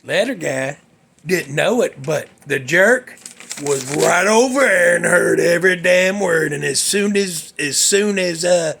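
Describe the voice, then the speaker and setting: A man's voice: high-pitched, creaky, a bit bright, slight background noise. A man hosting a show, telling a workplace story in a folksy, salty, worked-up way. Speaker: host. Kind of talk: casual storytelling monologue.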